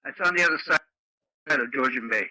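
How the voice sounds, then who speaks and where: A man's voice: mid-range voice, moderate pace, pushed and bright, dry recording, poor audio. A man in a rambling, folksy casual chat over the radio. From Canada. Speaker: radio net regular.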